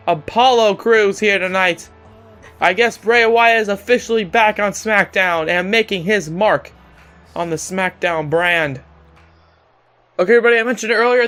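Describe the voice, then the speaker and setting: A man giving excitable play-by-play commentary over a wrestling video game as a gaming channel host, keeps saying "ladies and gentlemen.". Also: high voice.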